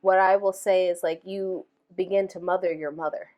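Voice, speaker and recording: A woman in her thirties hosting a podcast, telling personal stories in a relaxed, reflective way, full of filler phrases. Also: lowish voice, normal speed. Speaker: podcast host. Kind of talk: casual heartfelt conversation.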